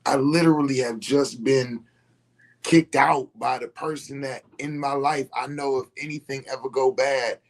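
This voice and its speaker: A man speaks at normal speed with a medium-pitched, steady voice, recounting a personal story to an audience. The telling is casual and conversational, with lots of repetition and questions like whether listeners are with him.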